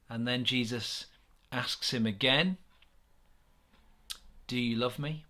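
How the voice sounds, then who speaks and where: A church minister with an English accent and a mid-range voice offers a gentle, earnest sermon reflection, pausing often and restarting his sentences.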